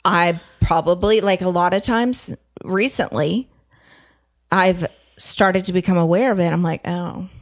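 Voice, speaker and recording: A woman's voice: on the low side, unhurried. A woman in her thirties with a Southern US accent, co-hosting a casual podcast chat, rambling and swearing as she acts out quotes. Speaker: podcast co-host. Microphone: headphones.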